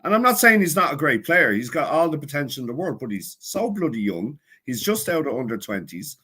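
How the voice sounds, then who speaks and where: Animated Dublin man with lively pitch. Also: fairly quick, husky. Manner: animated, opinionated. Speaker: guest. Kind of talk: casual podcast chat.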